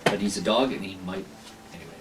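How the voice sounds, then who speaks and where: A man running a tabletop game as game master, narrating with many pauses and restarts. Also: low-pitched, far from the mic, over loud music, poor audio. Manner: hesitant, many fillers and restarts. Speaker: dungeon master.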